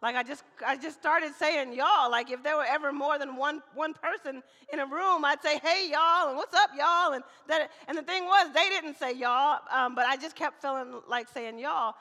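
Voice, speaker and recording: A woman from Mississippi preaching as a guest speaker, chatty and lively, often calling for amens, her voice slightly hoarse. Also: high-pitched, normal speed, few pauses. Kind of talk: sermon. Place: church hall. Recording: church hall reverb.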